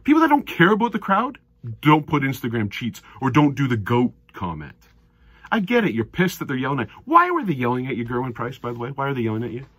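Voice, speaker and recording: Heated guy ranting about darts, husky, dry room. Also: big pitch swings, fast talker, no echo. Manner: heated, ranting, swings from low mutters to loud outbursts. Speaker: darts commentator. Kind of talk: opinionated solo video commentary.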